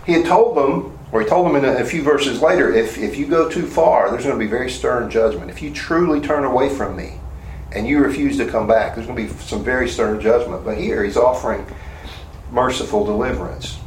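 A man's voice: mid-range voice, brisk. A man preaching a sermon, earnestly paraphrasing scripture with stern emphasis. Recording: roomy echo, distant mic, faint hum.

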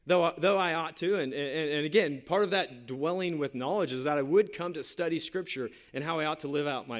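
A man preaching a sermon in a slightly higher voice than most men. He talks earnestly and conversationally, repeating phrases as he works through scripture and a personal story. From San Jose Bay Area, California. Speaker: pastor.

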